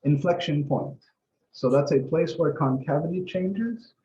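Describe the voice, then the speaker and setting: A man's voice: fairly high pitch, a little slow, dark tone. A male math instructor in a casual office-hour lesson, talking through each step as he works, with an occasional mild swear. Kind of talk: office-hour lesson, thinking aloud while drawing. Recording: roomy, dull lo-fi recording.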